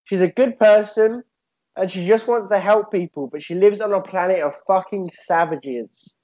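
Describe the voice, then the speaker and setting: Man, high-pitched, rambling, sweary, jokey, dull lo-fi sound. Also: moderate pace, warm tone. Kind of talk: casual comedic chat.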